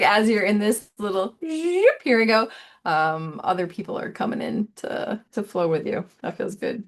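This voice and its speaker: A woman giving a casual, meandering tarot reading, soft and giggly, repeating words playfully. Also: mid-range voice, animated, normal speed. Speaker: tarot reader.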